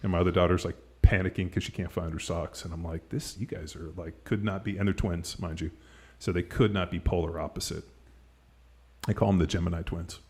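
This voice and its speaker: A middle-aged man hosts a podcast in loose, casual chat, circling his points with plenty of "like" and a stray curse. His voice sits very low with a gravelly edge. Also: fairly even intonation, fairly quick, a little mellow. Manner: rambling, heavy use of "like", casual swearing. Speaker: podcast host.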